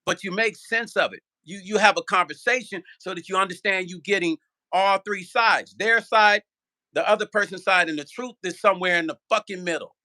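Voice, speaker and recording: High, bright-voiced ranting man. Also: fairly quick. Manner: profane, repetitive, rhetorical. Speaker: vlogger; musician. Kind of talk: heated casual rant.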